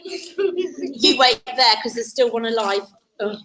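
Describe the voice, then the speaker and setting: A woman teacher telling a story at a school assembly in a hall, playful and animated as she directs the children. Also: a little high, takes it slowly.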